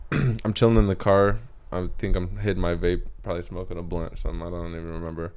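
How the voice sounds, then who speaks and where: A man's voice: sits low, little pitch movement, fast talker, darkish tone, smooth. A man on a podcast, telling a work story in a rambling, slangy way. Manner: rambling, slangy, with lots of filler words. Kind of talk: casual storytelling chat.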